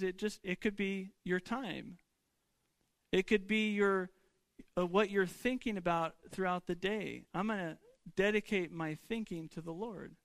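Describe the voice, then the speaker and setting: A man delivers a sermon as a pastor, his voice sitting high for a man. He talks in a loose, conversational way, stumbling and restarting, tossing rhetorical questions at his listeners. The sound is dry and close, with no room echo. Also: fairly bright tone.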